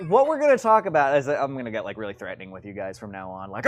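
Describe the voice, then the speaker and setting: A man hosts a casual teaching chat with a pitch that swoops up and down. He jokes around and fills his talk with ums and likes. He has a lively, unscripted way of speaking. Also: rapid-fire. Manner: animated, joking, lots of fillers. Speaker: real estate investing show host.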